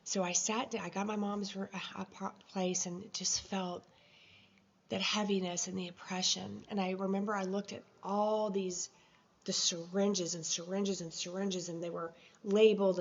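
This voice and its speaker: A woman recording a personal video journal, telling a story in an emotional, halting way with many pauses. Her voice has a gravelly, creaky edge. The sound is slightly dull and lo-fi. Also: medium pitch, steady tone, slight background noise. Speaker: vlogger.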